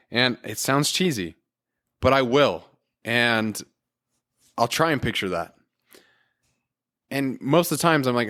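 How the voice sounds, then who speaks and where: A man's voice: medium pitch, expressive, moderate pace, long pauses, fairly bright tone. A man hosting a solo motivational podcast, talking in an earnest, encouraging and casual way with everyday fillers. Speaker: podcast host.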